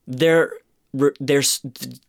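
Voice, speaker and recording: A man's voice: mid-range voice, fairly even intonation, slow, gravelly. A man co-hosting a podcast, ranting about a film with lots of swearing and exasperation. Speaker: podcast co-host reviewing a film. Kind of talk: casual chat.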